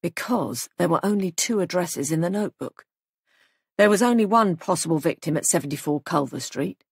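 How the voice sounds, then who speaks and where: A woman's voice: lowish voice, lively intonation, normal speed, slightly rough, dry recording, clean studio sound. A woman voicing a stern male police sergeant in an audiobook, speaking in a firm, clipped, probing way. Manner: firm, clipped, pressing questions.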